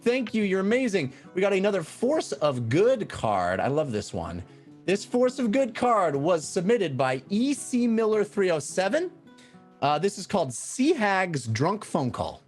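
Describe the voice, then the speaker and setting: A man's voice: high voice, wildly swooping pitch, a little slow, faint music behind. A man narrating a tabletop game as game master, describing scenes with fillers and restarts.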